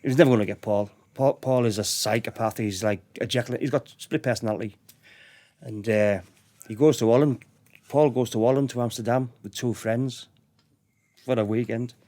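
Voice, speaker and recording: A middle-aged man with a Middlesbrough accent, telling stories as a podcast guest in a lively, anecdotal way. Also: mid-range voice, moderate pace. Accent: Middlesbrough English. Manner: lively anecdotal retelling, laughing often. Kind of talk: storytelling in a podcast interview.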